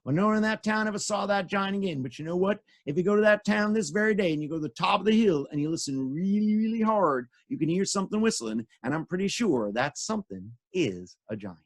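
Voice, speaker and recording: A man's voice: sits high, expressive, fast talker, few pauses. A man telling stories to children, playful and interactive, guiding his listeners through sound effects. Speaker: storyteller. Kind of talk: animated children's storytelling.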